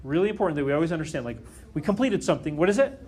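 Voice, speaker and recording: A man's voice: fairly high pitch, lively intonation, racing, darkish tone. A man teaching a calculus lesson to a class, often stopping to question the students and check that they follow. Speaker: math teacher.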